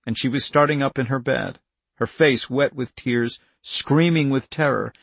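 A man narrating an audiobook in a measured, even storytelling manner. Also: medium pitch, gravelly, husky, dry recording. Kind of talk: scripted narration.

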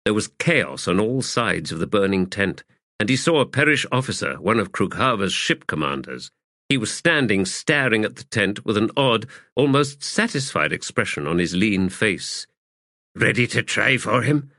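A man narrating a fantasy audiobook in a measured, expressive way on a close studio mic. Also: fairly low pitch, dry recording.

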